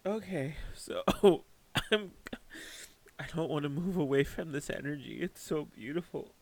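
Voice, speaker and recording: Nearly in tears, a man giving a spiritual tarot reading repeatedly stops partway through sentences to collect himself. His voice is fairly high and his delivery a little slow.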